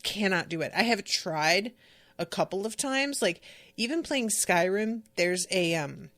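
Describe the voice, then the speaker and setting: A woman's voice: mid-range voice, lively intonation, unhurried, a bit bright. A woman hosting a podcast, chatting casually about a book in a candid, emotional, rambling way, full of fillers. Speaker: podcast host. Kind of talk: casual book-discussion chat.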